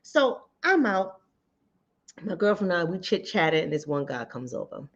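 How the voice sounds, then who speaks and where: A woman hosting a channel, telling a personal story in animated, direct talk to ladies and fellas. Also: fairly low pitch, normal speed. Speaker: relationship coach and channel host. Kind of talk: casual talk-to-camera commentary. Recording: dull lo-fi sound.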